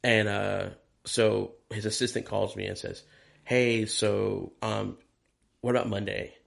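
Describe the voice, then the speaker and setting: A man's voice: on the low side, measured pace, creaky. A man, a touring drummer, telling stories in a casual interview, swearing freely and acting out what people said to him. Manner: animated, profane, acts out quoted dialogue. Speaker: touring and session drummer, guest.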